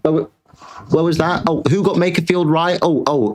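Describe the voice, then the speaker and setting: A man's voice: fairly high pitch, normal speed. A British man hosting a livestream, ranting sarcastically and swearing, tired and irritated. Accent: British English. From Britain. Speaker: livestream host. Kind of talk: casual livestream rant.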